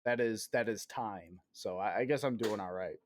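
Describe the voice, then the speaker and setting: A man's voice: fairly low pitch, normal speed, background noise. A man in his thirties chatting casually on a game stream. He rambles, mocks himself and swears, and still coughs now and then while getting over an illness. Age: 30s. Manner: rambling, self-mocking, profane.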